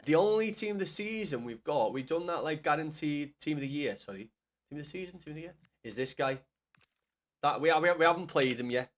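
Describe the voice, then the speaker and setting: A man's voice: a little high, expressive, a little fast. A young man chatting on a gaming livestream, answering his chat with blunt, sweary banter.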